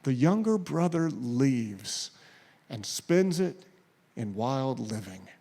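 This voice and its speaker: A man preaching a sermon, retelling a story with acted quotes and dropping to a hush at key points. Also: mid-range voice, sing-song, slow pace, vocal fry. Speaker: pastor.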